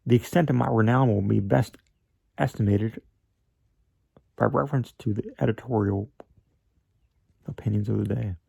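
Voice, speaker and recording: A man narrating a classic story in a measured, slightly theatrical way, with an occasional slip of the tongue. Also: fairly low pitch, creaky, dark tone, slightly rough, dry recording. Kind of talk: amateur reading of a classic story.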